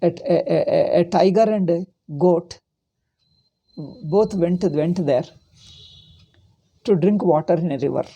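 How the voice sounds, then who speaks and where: A man teaching a spiritual philosophy class, rambling through anecdotes and rhetorical questions in an emphatic, animated way. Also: high voice, a little slow, pauses often, husky. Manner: animated and emphatic, often laughing at his own points. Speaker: Vedanta teacher. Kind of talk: lecture.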